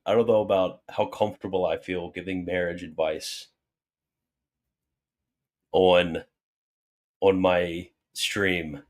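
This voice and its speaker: A man's voice: low voice, little pitch movement, slow, pauses often. A man hosting a casual livestream Q&A, reading viewer questions aloud and answering them with jokey mock alarm and then earnest explanation. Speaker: livestream host answering super chats.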